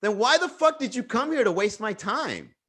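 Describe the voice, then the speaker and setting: A man voicing a furious young woman who cusses someone out in a shrill, profane tirade. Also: very animated, normal speed, fairly bright tone, slightly rough, full character voice.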